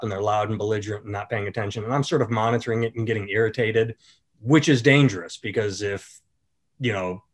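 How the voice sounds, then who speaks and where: A man hosting a podcast, a comedian telling a story in casual chat and breaking into loud, lively voices when he quotes people. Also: on the low side. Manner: storytelling, animated when quoting others.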